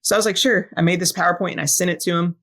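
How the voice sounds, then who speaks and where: A woman's voice: lowish voice, flat delivery, rapid-fire, vocal fry, fairly bright tone. A woman guest on a podcast, a fire battalion chief, telling a personal story in an earnest, reflective way with lots of ums and uhs. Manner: earnest, reflective, frequent filler sounds.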